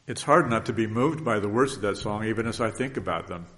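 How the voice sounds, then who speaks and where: A man's voice: fairly low pitch, fast talker, fairly bright tone. A man preaching a conversational sermon in an earnest, folksy way, often restarting his sentences.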